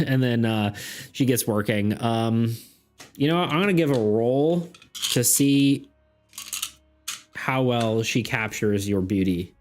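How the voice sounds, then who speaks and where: A man's voice: medium pitch, takes it slowly, pauses often, a little mellow. A man running a streamed tabletop game, rambling and hesitant, with self-deprecating asides. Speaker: game master. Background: faint background music.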